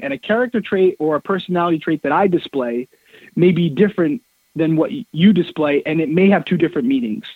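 A man's voice: on the high side, slightly rough, no room sound. A man in his thirties, a guest on an interview show, talking emphatically and telling stories, heard over a dry phone line. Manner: emphatic, repeats words, lively storyteller. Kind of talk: casual interview talk, storytelling.

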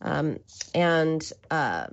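A woman's voice: low-pitched, sing-song, extremely slow, vocal fry, muffled recording. A woman hosting a call-in radio show, talking earnestly and conversationally with some restarts.

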